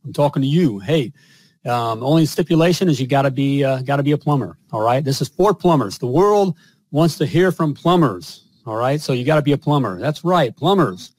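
Man, podcast host, upbeat, casual, mid-pitched voice, dry studio sound. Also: expressive, a little fast, a little mellow, no echo. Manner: upbeat, calls guests brother. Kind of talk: casual interview chat.

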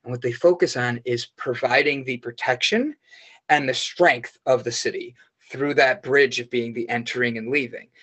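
A man guest on a podcast, telling rambling, animated stories and swearing freely in casual chat. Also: medium pitch, normal speed, husky.

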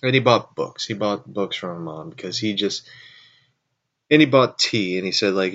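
A man's voice: lowish voice, animated, slow, long pauses, muffled recording. A man hosting his own show, telling a rambling story in a casual way and correcting himself as he goes. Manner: rambling, self-correcting, frequent asides. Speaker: show host.

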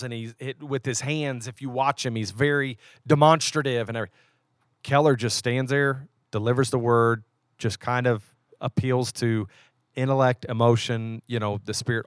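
A man's voice: medium pitch, steady tone, normal speed, no room sound, clean studio sound. A man, a pastor from West Virginia, chatting casually and easygoing on a podcast. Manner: easygoing, stops and restarts, warm enthusiasm. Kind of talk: casual chat.

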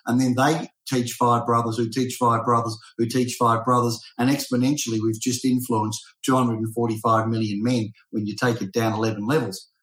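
A man hosting an interview, telling stories in a lively, animated way. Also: medium pitch, normal speed, hardly any pauses, roomy sound, poor audio. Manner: animated, storytelling. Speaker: podcast host. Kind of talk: casual interview chat.

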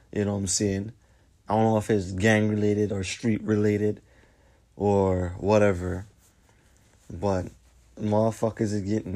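A man's voice: lowish voice, mellow. A young man hosting his own show in a casual monologue, talking bluntly with lots of swearing and street slang and rambling from one point to the next. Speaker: host.

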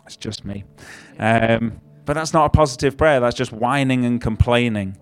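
A man's voice: mid-range voice, moderate pace, smooth. Male preacher, chatty sermon with dry humour, mid-range voice, faint music behind. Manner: conversational, self-deprecating, with wry asides.

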